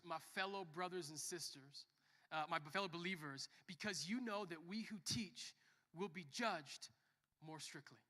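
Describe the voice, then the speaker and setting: A young man preaching a sermon as a pastor, joking and telling stories, swinging from quiet to loud. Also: a little high, normal speed. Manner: lively, joking storyteller who shifts between soft and loud. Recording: long reverb of a church hall.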